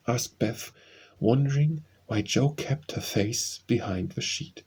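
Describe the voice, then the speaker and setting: Slow, husky-voiced male narrator. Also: mid-range voice, darkish tone, rough recording. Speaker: audiobook narrator. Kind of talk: scripted narration of a classic novel.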